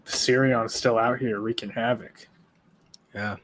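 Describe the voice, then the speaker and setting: Bright-voiced man groaning through a reaction. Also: mid-range voice, measured pace, slight background noise. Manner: expressive, groans and swears in awe. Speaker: reaction video co-host. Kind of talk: casual reaction commentary.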